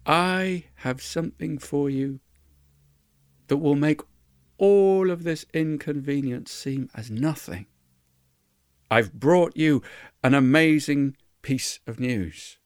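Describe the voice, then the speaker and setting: A man voicing a calm, unruffled female angel who speaks in a measured, solemn way. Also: fairly high pitch, clear, resonant tone, no room sound, clean studio sound. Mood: serene.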